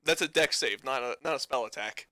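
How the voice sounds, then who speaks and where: A man's voice: medium pitch, a little fast, sharp tone, no echo, clean studio sound. A man from Canada running a tabletop game, talking casually with swearing and rambling rulings. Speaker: game master.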